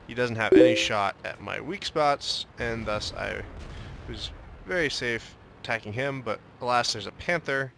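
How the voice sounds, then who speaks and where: A man's voice: medium pitch, unhurried, vocal fry, background noise. A young man casually commenting on his own tank battle, joking and slipping into a mock Russian way of talking. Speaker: gameplay commentator.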